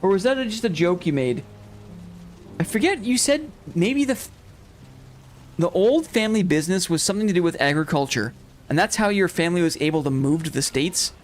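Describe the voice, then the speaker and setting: High-voiced rambling man chatting on stream. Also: lively intonation, brisk, soft background music. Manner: rambling, self-interrupting, laughs often. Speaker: streamer host. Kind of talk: casual chat while gaming, reading chat.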